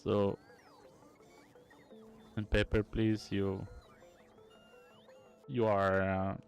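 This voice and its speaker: Young man, game dev streamer, quiet muttering, slow, halting, casual. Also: on the low side, little pitch movement, soft background music. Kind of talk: casual livestream commentary while coding and gaming.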